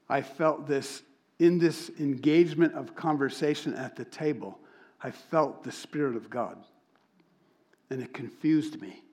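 A middle-aged man preaching, telling a personal story with lively energy and acting out the voices of people he met. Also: mid-range voice. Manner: animated storyteller, acts out quoted voices. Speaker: pastor. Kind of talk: sermon storytelling.

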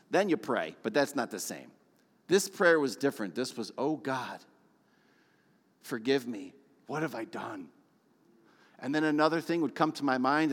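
A man's voice: medium pitch, a bit bright. Earnest male preacher in a reverberant hall. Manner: earnest, emotional storytelling. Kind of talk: sermon testimony.

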